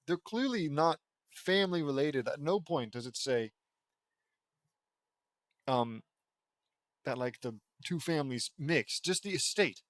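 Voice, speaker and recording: A man reads fan fiction aloud in a medium-pitched voice with lively intonation, going slowly with long pauses. He keeps breaking off into sarcastic, rambling asides that question the story, acting as both reader and commentator. The recording is studio quality with no echo.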